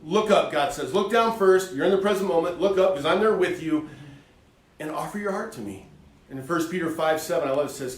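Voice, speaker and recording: A man co-hosting a faith talk show, talking in an animated, folksy way and acting out little voices as he preaches. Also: a little high, a little fast, roomy sound, recorded from a distance.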